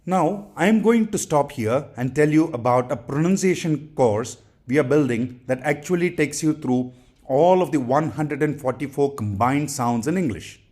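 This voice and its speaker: A man teaching English pronunciation, saying each practice word twice in a deliberate, instructional way. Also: fairly high pitch, expressive, darkish tone. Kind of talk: slow instructional drilling.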